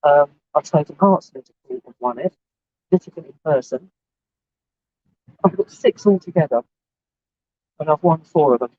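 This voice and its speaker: A woman's voice: low voice, moderate pace, pauses often, dark tone, a little hiss or hum. A woman chatting casually and telling stories outdoors, swearing freely as she talks. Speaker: livestreamer chatting with passers-by. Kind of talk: casual street chat. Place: outdoors near a court building. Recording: tinny, dry phone audio.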